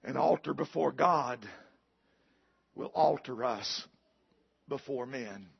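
Gravelly preacher, folksy storytelling. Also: male voice, medium pitch, slow pace, lo-fi sound. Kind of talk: storytelling sermon. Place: church.

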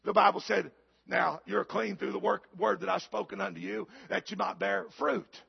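Man, pastor preaching, high raspy gravelly voice, shouted peaks, dull lo-fi recording. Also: fairly even intonation, moderate pace, dry recording. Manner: preaching with sudden shouted climaxes and call-outs to the congregation. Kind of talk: sermon.

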